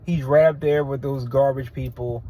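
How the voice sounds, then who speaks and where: A man's voice: mid-range voice, steady tone, normal speed, mellow, slight background noise. A man giving a casual, blunt and rambling review of a wrestling show, often restarting his sentences.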